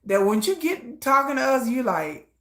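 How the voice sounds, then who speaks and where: A woman giving casual live reaction commentary, gossiping in an animated way and acting out quoted lines. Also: on the high side, moderate pace.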